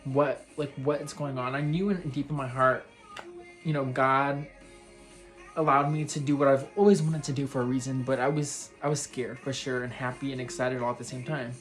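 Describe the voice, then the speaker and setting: A man's voice: medium pitch, fairly even intonation, moderate pace, a bit bright, faint music behind. A young man from Texas telling a personal story in a vlog, rambling and heartfelt, with lots of "like" and "you know". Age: young adult. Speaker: vlogger.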